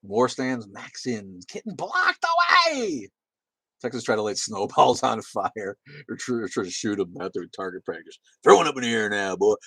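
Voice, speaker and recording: A man's voice: on the low side, a little fast, gravelly, hardly any pauses, breathy edge, dry recording. A man hosting a livestream, rambling and swearing as he reads chat comments and laughs along. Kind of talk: casual profane livestream chat.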